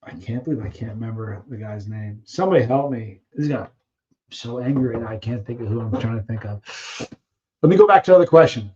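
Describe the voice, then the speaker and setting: A man's voice: mid-range voice, lively intonation, quick pace, mellow, highs cut off. Rambling man chatting on a live stream. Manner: rambling, chatty, trails off searching for names. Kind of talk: casual live chat reading viewer questions.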